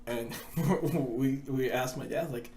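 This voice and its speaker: A man's voice: mid-range voice, slow pace, dark tone. A young man co-hosting a casual podcast chat, telling stories with frequent laughter and fillers. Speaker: podcast co-host. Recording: echoey room.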